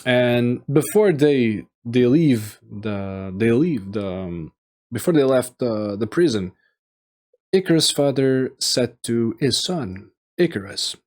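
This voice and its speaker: A man giving a casual solo review, rambling and halting with many fillers and restarts. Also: mid-range voice, animated, a little mellow. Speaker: video game reviewer.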